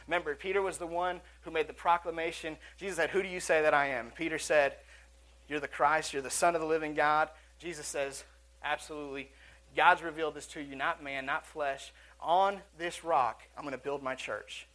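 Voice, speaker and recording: A man's voice: fairly high pitch, steady tone, a little fast, sharp tone. A male pastor preaching a sermon in a church auditorium, earnest and conversational, with asides and restarts.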